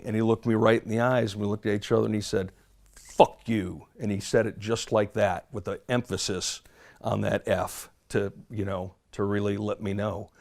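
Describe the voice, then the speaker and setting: Man, low gravelly voice, halting measured storytelling, interview. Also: a little mellow. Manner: halting, detailed, measured recollection with many fillers. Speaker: former police officer recounting an event.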